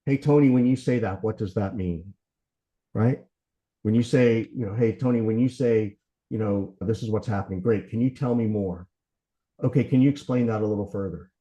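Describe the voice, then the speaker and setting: A middle-aged man from Georgia giving a sales training talk, talking fast and conversationally, often tagging lines with "right?" and "you know" while acting out sales dialogue. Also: lowish voice, mellow. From Southern US, Georgia. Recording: slightly dull sound.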